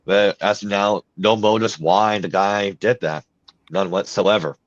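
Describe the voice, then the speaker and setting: A podcast host with a fairly low, steady voice chats casually, reading news items aloud and offering blunt opinions with a few fillers. He speaks unhurriedly, and the recording is dry and dull lo-fi with no echo.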